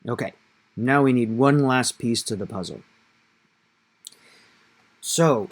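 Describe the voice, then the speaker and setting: A man's voice: medium pitch, animated, measured pace, pauses often. A man teaching a Spanish grammar lesson, explaining patiently and step by step, stressing key points.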